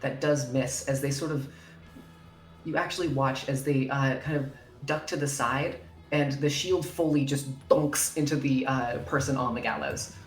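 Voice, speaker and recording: A woman's voice: rumbling low, fairly even intonation, moderate pace. A woman narrating as dungeon master in casual chat, swearing freely and using many fillers. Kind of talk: narrating a tabletop game. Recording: roomy echo with faint music.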